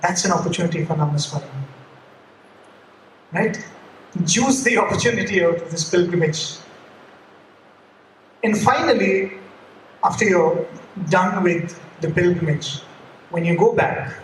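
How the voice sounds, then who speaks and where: Animated male storyteller in an echoey room. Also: high-pitched, a little hiss or hum. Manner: animated storyteller acting out dialogue. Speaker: speaker at a youth gathering. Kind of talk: storytelling talk. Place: room during a pilgrimage gathering. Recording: echoey room, mic at a distance.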